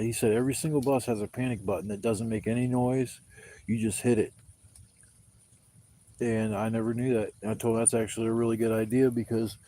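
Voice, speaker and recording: A camping livestreamer broadcasts from his outdoor campsite, casually telling rambling stories laced with profanity. His voice is mellow and medium-pitched.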